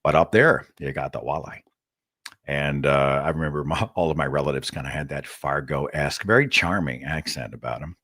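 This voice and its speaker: A man's voice: extremely low pitch, normal speed, pushed and bright, no room sound, clean studio sound. A man with an Oklahoma accent hosting a live call-in show, talking in a chatty, wry way full of rambling asides. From Oklahoma, USA.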